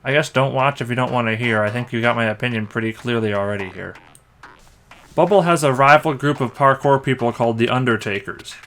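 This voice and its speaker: A young man narrates a film review in a scripted voice-over. His delivery is dry and sarcastic, picking apart the story point by point. His pitch sits in an ordinary middle range. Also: brisk, a bit bright. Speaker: anime movie reviewer.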